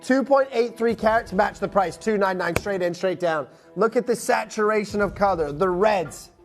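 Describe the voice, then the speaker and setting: A man presenting live TV shopping in a studio, emphatic and hard-selling, with quick teasing asides. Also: high-pitched, soft background music.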